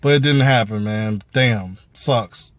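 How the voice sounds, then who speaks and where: A man's voice: fairly low pitch, takes it slowly. A man giving a casual, profane review of a TV episode, rambling with lots of fillers. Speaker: show reviewer.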